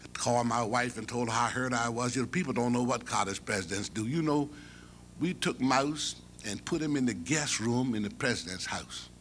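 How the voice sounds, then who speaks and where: An older man giving a humorous storytelling speech at an academic convocation, folksy and animated, chuckling as he goes. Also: medium pitch, normal speed, slight background noise. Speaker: convocation speaker.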